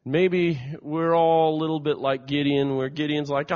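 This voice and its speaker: Man preacher, sermon, animated storytelling, slightly high voice, dull lo-fi recording. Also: moderate pace, few pauses. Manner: storytelling, animated, acts out quotes.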